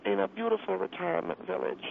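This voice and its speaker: A fussy, indignant elderly woman, put on by a man, calls in to a radio show over a thin, tinny phone line. Her voice is creaky and gravelly as she pleads and repeats herself, growing exasperated. A faint hiss sits under the call. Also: high-pitched, fairly even intonation, fast talker, voice pushed up.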